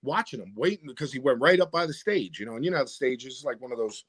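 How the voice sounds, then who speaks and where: A man's voice: medium pitch, quick pace, breathy edge, dry recording. A man telling a bar story in casual chat, swearing often and acting out the other people's lines. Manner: animated, swears often, acts out quotes. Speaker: rapper guest.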